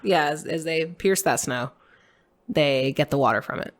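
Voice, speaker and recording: A woman co-hosting a casual podcast, trading quick, frank reactions about a film and swearing now and then. Her voice sits a little lower than most women's. She talks in an easy, conversational way. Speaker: podcast co-host.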